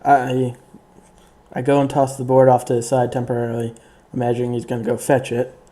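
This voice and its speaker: Flat, mellow-voiced hesitant male player. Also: mid-range voice, fairly quick. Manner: hesitant, stammering. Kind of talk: playing a tabletop game.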